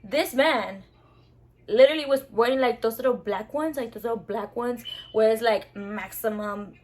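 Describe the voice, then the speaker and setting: A young woman telling a story to her viewers in a casual, animated, slangy way, full of swearing. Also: on the high side, normal speed. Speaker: vlogger.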